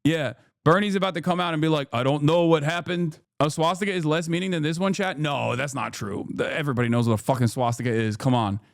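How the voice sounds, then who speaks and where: A man streaming casual commentary, incredulous and profane, with frequent loud exasperated outbursts. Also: on the high side, quick pace, gravelly, hardly any pauses, no room sound, clean studio sound. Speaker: streamer reacting to news.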